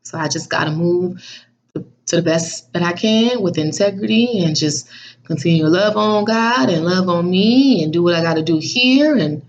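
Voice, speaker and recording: A woman talks in a lively, slangy way in a casual faith vlog, often breaking into laughter. Her voice sits low for a woman, and the recording is dull and muffled. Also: normal speed. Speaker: vlog host.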